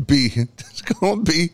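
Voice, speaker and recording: A man's voice: a little high, expressive, takes it slowly. A man co-hosting a podcast, blunt and emphatic, swearing in casual banter. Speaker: podcast co-host.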